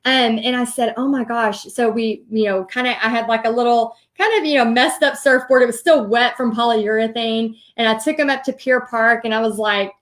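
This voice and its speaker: A woman in her thirties with a Southern US accent, hosting and telling a personal story in a chatty, animated way with many ums. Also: fairly high pitch, moderate pace, hardly any pauses. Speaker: host. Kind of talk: casual storytelling livestream.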